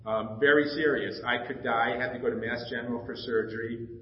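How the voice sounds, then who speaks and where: A middle-aged pastor giving a personal testimony in a sermon, telling stories and acting out the dialogue with emotion. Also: male voice, mid-range voice, steady tone, brisk, slight background noise. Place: church sanctuary. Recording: echoey, slightly dull church recording.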